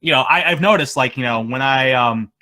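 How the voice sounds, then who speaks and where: Bright-voiced rambling young man. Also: medium pitch. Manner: rambling and halting, trailing off mid-sentence. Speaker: machinima creator, interview guest. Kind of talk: casual interview chat.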